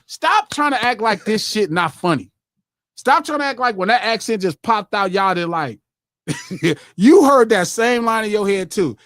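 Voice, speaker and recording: A man co-hosting a livestream podcast in casual chat, animated and profane, laughing often and mimicking other voices as he talks. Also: high voice, normal speed, no room sound, clean studio sound. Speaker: podcast co-host.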